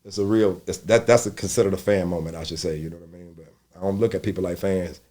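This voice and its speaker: A middle-aged male comedian telling casual, profane stories in an interview. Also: fast talker. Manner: animated, profane storytelling that jumps into loud high quoted voices.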